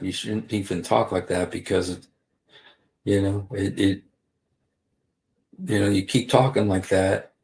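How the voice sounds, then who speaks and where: A man's voice: fairly low pitch, darkish tone. A man hosting a casual livestream, rambling with many fillers and restarts. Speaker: livestream host.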